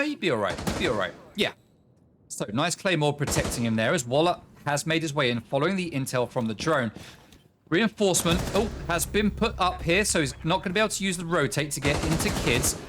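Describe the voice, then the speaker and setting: A man giving solo play-by-play commentary on a competitive shooter match, getting excited at big plays. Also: brisk, noisy background. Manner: excitable, rising in pitch at big plays, chatty asides to chat. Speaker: esports caster. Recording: game gunfire and clicks behind. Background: game gunfire and clicks.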